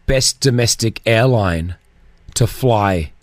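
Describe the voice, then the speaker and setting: A man's voice: lowish voice, takes it slowly, dry recording. A man, hosting a casual radio chat and telling stories with jokes. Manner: jokey, animated storyteller. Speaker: radio host. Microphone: studio mic.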